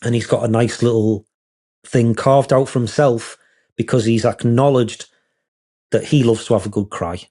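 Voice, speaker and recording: Rambling, mellow-voiced man. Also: mid-range voice, normal speed. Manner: rambling, self-deprecating, gets emotional. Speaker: wedding photographer guest. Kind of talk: candid podcast interview.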